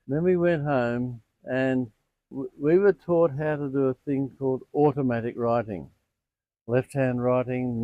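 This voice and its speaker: An older man who owns a sound healing center, telling animated stories in an interview. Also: medium pitch, dry recording, highs cut off. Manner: animated anecdotes with quoted dialogue. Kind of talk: storytelling in an interview.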